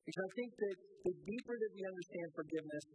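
A man's voice: high-pitched, animated, fast, a little mellow, husky, dry recording, low-quality recording. A man preaching a sermon as a pastor, speaking earnestly and often repeating words as he restarts phrases.

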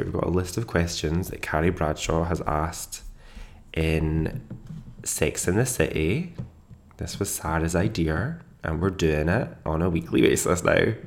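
A man's voice: low-pitched, creaky, a little mellow. A man hosting a solo podcast in casual chat, chatty and self-deprecating, laughing often. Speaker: podcast host.

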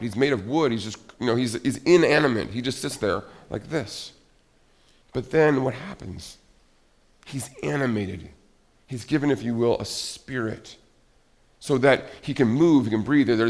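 A middle-aged man preaching a sermon in a conversational, animated way, acting out little everyday scenes. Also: mid-range voice. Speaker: pastor.

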